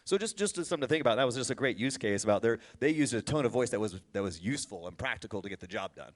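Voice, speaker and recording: A man's voice: mid-range voice, animated, rapid-fire. A man who owns a brokerage, speaking on a discussion panel and explaining his points emphatically. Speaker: brokerage owner.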